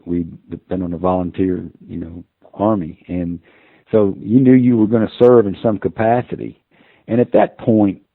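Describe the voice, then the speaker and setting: Older man in his 60s, deep and gravelly, folksy rambling storyteller, phone-quality line. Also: dry recording. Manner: folksy, rambling anecdotes with many fillers. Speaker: podcast guest. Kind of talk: casual storytelling.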